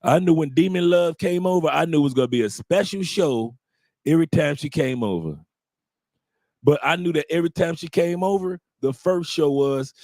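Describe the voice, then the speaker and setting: A man's voice: on the high side, a little mellow, no echo, studio quality. A man with an American accent hosting a live stream, telling a loose, bawdy, joking story to his audience and acting out quotes along the way. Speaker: host.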